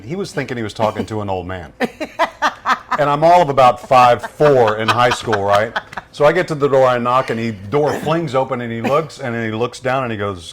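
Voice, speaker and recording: A man's voice: mid-range voice, fairly quick, a little hiss or hum. A man, a radio voice-over veteran casually telling stories about his career as a guest. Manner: relaxed storyteller acting out quoted voices. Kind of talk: casual storytelling interview.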